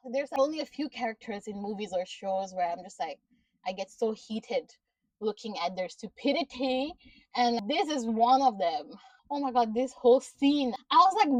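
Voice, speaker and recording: A woman's voice: a little high, dry recording, recorded from a distance, rough recording. Exasperated woman ranting about a show. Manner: exasperated, animated ranting with frequent swearing and laughs. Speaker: show reviewer. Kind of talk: casual TV episode recap.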